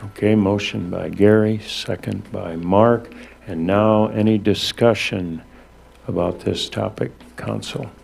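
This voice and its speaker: A man chairing a city council meeting as acting mayor, talking in a halting, relaxed way with many fillers. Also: fairly low pitch, gravelly, slight background noise.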